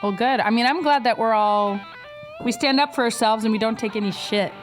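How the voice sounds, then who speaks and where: A woman's voice: on the high side, brisk, soft background music. A young adult woman co-hosting a podcast, trading crude comedic banter and acting out quotes in shifting voices. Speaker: podcast co-host.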